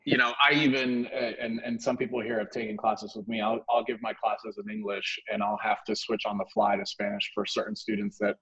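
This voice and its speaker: A man's voice: medium pitch, lively intonation, brisk, vocal fry, few pauses, fairly bright tone. A man who teaches classes, talking in a loose, rambling way with many fillers during a casual video call discussion. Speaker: instructor. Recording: muffled lo-fi audio.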